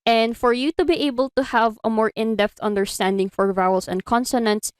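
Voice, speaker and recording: A woman's voice: a little high, fairly even intonation, brisk, smooth, dry recording. A woman with a Filipino accent giving an animation lecture in an online class, explaining step by step and slipping Tagalog phrases into her English. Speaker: animation instructor. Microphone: computer mic on a video call.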